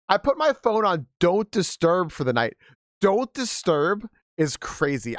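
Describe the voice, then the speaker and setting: A man streaming a game and reading stories aloud to his chat, his voice sitting a little high and swinging widely in pitch. He talks candidly and swears freely, dropping laughing asides as he goes. The sound is close and dry, with no room around it. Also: fairly bright tone, no echo.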